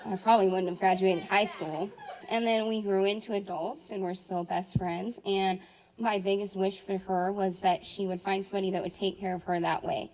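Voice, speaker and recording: A woman in her twenties, the maid of honor, giving a jokey, animated wedding toast full of laughs. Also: mid-range voice, moderate pace, rough recording. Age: 20s. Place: wedding reception.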